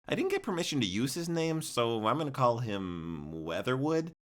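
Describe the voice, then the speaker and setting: A young man, narrating a comic storytime in an animated, exaggerated way with jokey asides. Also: medium pitch, moderate pace.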